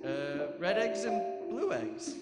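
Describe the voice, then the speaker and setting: A man's voice: high-pitched, sing-song, slow pace, exaggerated voice. A man voicing a crazy male scientist with a fake-innocent, sing-song patter. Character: crazy male scientist, rock-star looking, evasive. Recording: echoey room, loud music.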